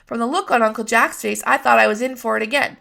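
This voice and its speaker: High, gravelly woman reading a novel aloud. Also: steady tone, fast, bright, forceful tone. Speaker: reader of a novel. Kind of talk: read-aloud narration.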